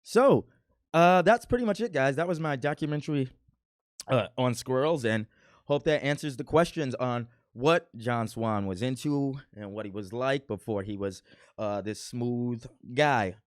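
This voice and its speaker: A man's voice: medium pitch, lively intonation, unhurried, no echo, studio quality. A man in his thirties from Milwaukee, casually reacting to his old video in a playful, boastful, rambling way. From Milwaukee, USA. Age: 30s.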